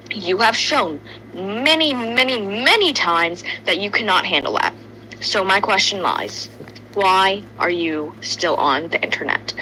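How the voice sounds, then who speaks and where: A woman's voice: medium pitch, pushed and bright, slight background noise, low-quality recording. A woman in casual commentary chat, blunt and critical, swearing at times.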